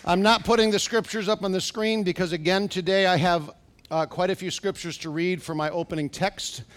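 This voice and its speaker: A middle-aged man preaching a sermon as pastor in a church, asking the congregation questions and building to loud, urgent exhortations. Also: high voice, steady tone, fairly quick. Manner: preaching with rising, shouted exhortations and rhetorical questions. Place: church sanctuary.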